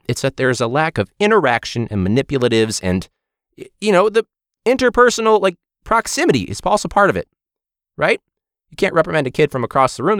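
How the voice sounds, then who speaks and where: Animated, sarcastic teacher podcaster man. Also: on the high side, no echo, clean studio sound. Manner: animated, sarcastic, swings into loud mock outbursts. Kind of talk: casual ranting monologue.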